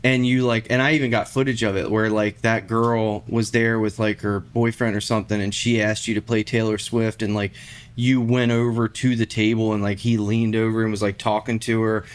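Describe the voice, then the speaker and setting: Brief: male podcast co-host, somewhat low voice, loose, anecdotal delivery. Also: flat delivery, moderate pace, clear, resonant tone. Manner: rambling, storytelling, lots of fillers. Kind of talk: casual chat.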